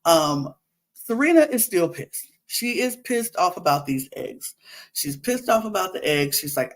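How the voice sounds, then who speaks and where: A woman's voice: lowish voice, sing-song, unhurried. A woman hosting a podcast, talking casually in a sassy, exasperated way. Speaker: podcast host recapping a reality show. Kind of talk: casual chat.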